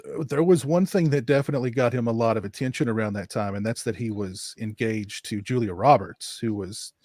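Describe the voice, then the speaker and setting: A man's voice: mid-range voice, brisk, a little mellow, no echo. A young man chatting as a podcast guest, rambling with many restarts. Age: young adult. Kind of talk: casual chat.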